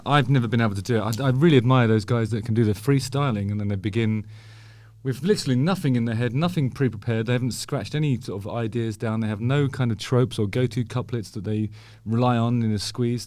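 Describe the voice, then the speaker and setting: An English man talks through a new song in a loose, chatty way, tossing in wry jokes as he goes. His voice sits at an ordinary middle pitch. The sound is dry and close, with no room around it. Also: brisk, darkish tone, dry recording. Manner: wry, chatty, with joking asides. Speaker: music video host. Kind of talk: casual commentary on a song.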